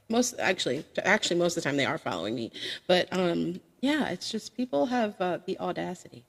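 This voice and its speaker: A woman's voice: fairly low pitch, big pitch swings, brisk, creaky. A woman who streams karaoke, talking frankly and chattily as a podcast guest, with sassy asides. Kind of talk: casual podcast chat. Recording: long reverb.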